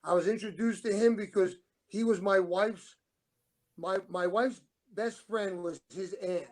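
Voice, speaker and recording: A man's voice: high-pitched, fairly even intonation, measured pace, a little mellow. A middle-aged man co-hosting a talk show, telling rambling stories and acting out the dialogue he quotes. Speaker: show co-host, former wrestler. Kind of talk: casual storytelling.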